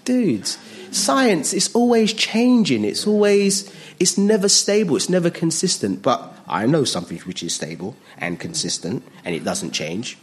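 Animated, jokey male preacher. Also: measured pace. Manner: animated, jokey, acts out voices with big pitch jumps. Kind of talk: sermon.

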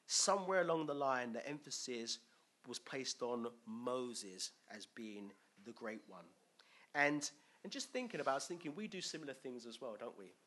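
A man's voice: mid-range voice, bright, forceful tone. A man preaching a chatty sermon, quizzing the congregation and chuckling often. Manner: chatty, asks the crowd questions, chuckles often. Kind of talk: conversational sermon with questions to the congregation.

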